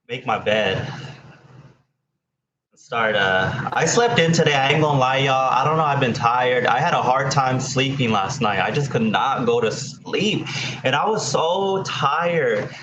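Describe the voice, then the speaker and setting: A man's voice: medium pitch, a bit bright. Laid-back guy chatting on a home stream, dull echoey room sound, faint hum behind. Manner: rambling, chatty, talks to his pets and viewers. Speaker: livestream host. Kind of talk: casual livestream chat.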